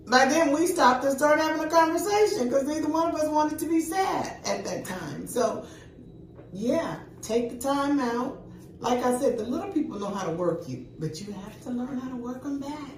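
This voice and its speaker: An older woman, a grandmother, speaks with a slightly high, emphatic voice, like a lively storyteller. She sits a bit back from the mic in an echoey room with faint noise. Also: moderate pace, far from the mic. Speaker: co-host. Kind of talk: casual chat.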